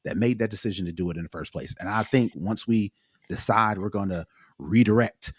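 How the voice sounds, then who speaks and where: A man co-hosting a podcast in casual discussion, urging listeners with animated conviction. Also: on the low side, fairly quick, husky, no echo, clean studio sound. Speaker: podcast co-host.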